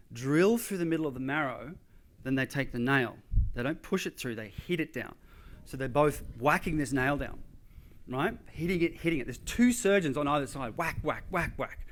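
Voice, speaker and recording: Man, motivational speaker, vivid storytelling, loud emphasis and hushed asides. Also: mid-range voice. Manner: vivid storytelling, acting out doctors' words.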